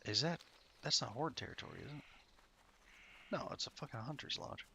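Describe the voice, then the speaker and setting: A man's voice: mid-range voice, brisk, vocal fry, pushed and bright, a little hiss or hum. A tired, sleepy man casually commenting on his gameplay to himself, rambling and swearing. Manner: rambling, profane, self-talking. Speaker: streamer playing an online game.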